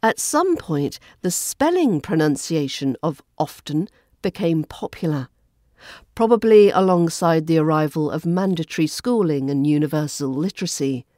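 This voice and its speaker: A woman with a Southern English RP accent, hosting a podcast lesson in a clear, measured teaching voice. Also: low-pitched, expressive, warm tone, no room sound, studio quality. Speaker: accent coach and podcast host.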